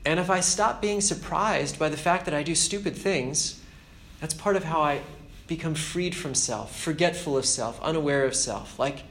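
A man's voice: on the high side, normal speed, a bit bright, a little hiss or hum. A man giving an informal, earnest spiritual talk as a preacher, conversational and self-deprecating. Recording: roomy echo with faint ambience.

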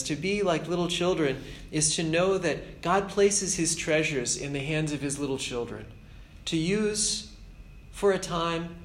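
Earnest man preaching in an echoey room. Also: on the high side. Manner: earnest and informal, self-deprecating. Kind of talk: conversational spiritual talk. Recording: roomy echo with faint ambience.

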